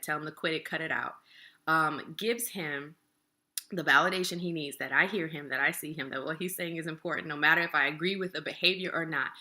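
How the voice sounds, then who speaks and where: A young adult woman with a low-pitched voice that still has a bright, forceful edge. She explains a relationship topic in a calm, plain-spoken way, like a casual lesson to the camera. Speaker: relationship educator.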